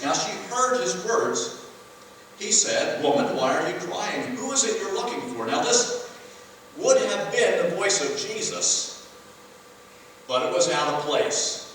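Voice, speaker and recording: Man, pastor preaching, conversational, rising for emphasis, fairly high voice, echoey hall, distant mic. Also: a bit bright, a little hiss or hum. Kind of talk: sermon. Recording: echoey church hall from far off.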